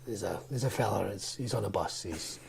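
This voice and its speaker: A Scottish man voicing a rambling old man who drags out a joke, low and trailing off. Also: creaky, a loud crowd. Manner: slow, low, trailing off to a near whisper. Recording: roomy echo.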